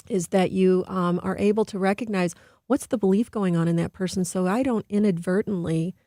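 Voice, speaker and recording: A woman's voice: no echo, studio quality. A middle-aged woman talking earnestly as a guest on a radio interview, explaining behavior patterns with vivid quoted voices. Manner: earnest, acts out quoted voices with lively pitch jumps. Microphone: studio microphone.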